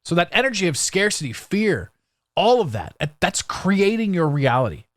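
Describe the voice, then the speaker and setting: A man hosting a solo podcast, talking in a blunt, sarcastic, animated way with frequent restarts. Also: high voice, normal speed, no room sound. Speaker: podcast host.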